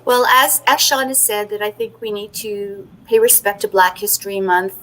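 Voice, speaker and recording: A woman representing a library on an online panel, speaking in an earnest, measured way. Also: medium pitch, pushed and bright, slight background noise, poor audio. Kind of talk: panel discussion.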